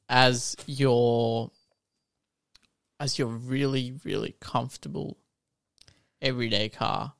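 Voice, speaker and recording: A man's voice: mid-range voice, steady tone, slow pace, vocal fry, pauses often, no room sound, studio quality. A man co-hosting a podcast, chatting casually about cars, explaining at length and restarting his sentences. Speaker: podcast co-host. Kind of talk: casual car chat.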